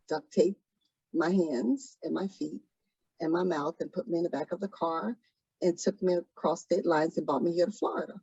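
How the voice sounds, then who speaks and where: A woman recounts her past in a soft, hesitant interview voice, often pausing to gather herself. Her voice has a husky edge. The sound is dry and a little dull, like a lo-fi recording. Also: low voice, no room sound. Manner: soft-spoken, hesitant, many pauses and ums. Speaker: trafficking survivor guest. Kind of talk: interview testimony.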